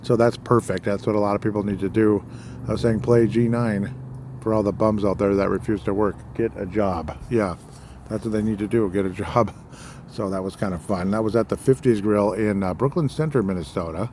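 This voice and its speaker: A man's voice: on the low side, steady tone, brisk, background noise. A man hosting his own political podcast, talking loosely and rambling, with many fillers and small apologies. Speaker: podcast host. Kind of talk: casual political podcast monologue.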